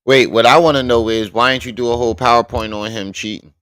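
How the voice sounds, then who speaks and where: A man's voice: mid-range voice, fairly even intonation, fast talker, a bit bright, clear, resonant tone, dry recording. A man hosting a live stream, reacting bluntly and with exasperation, swearing often.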